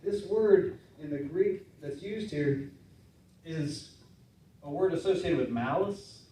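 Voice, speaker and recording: A man preaching a sermon in a relaxed, conversational way, acting out the voices of his listeners. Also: a little high, takes it slowly. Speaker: pastor. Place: church sanctuary. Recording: roomy church sound from a distance.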